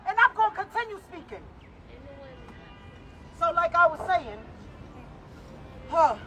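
A grieving mother with a New York accent gives a raw, emotional protest speech at an outdoor city rally. She rises to shouts and chokes up. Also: extremely high pitch. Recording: noisy outdoor rally with crowd. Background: crowd and street traffic.

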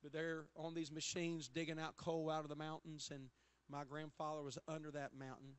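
High-voiced preacher man. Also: little pitch movement, moderate pace, smooth. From Appalachia. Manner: storytelling preacher, builds to loud emphatic calls. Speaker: pastor. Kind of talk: sermon. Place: church sanctuary.

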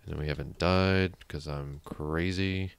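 Gaming host, male, deep with a creaky edge, rambles and mutters to himself. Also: fairly even intonation, a little slow. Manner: chatty, thinks aloud, mutters counts under his breath. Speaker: let's play host. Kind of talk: casual gameplay commentary.

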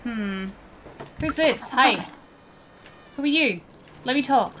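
A woman in a slightly high voice narrates her gameplay in a casual, chatty way to her viewers. She swears freely at the characters on screen. Game sound effects, including cat noises, come through clearly behind her. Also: expressive, slow, background noise. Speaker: let's play gamer.

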